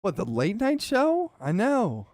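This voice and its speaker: A man hosting a podcast, telling a story in a casual chat with animated, swearing delivery. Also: high-pitched, measured pace, no room sound. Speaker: podcast host.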